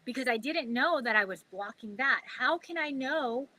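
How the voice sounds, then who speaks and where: A woman's voice: sits high, expressive, moderate pace, bright, forceful tone, a little hiss or hum, rough recording. A woman telling a personal story in a chatty, casual way, full of fillers, acting out her own past thoughts.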